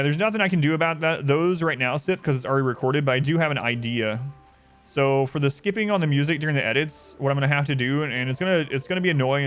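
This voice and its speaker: A man's voice: medium pitch, fairly bright tone, smooth. A man streaming a game, rambling in a wry, casual way while chatting to his viewers. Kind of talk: casual live-stream commentary.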